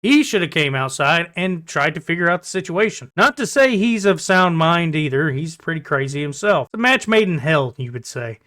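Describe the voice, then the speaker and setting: Male vlogger, casual storyteller, high and bright, blunt and profane. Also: lively intonation, moderate pace, hardly any pauses.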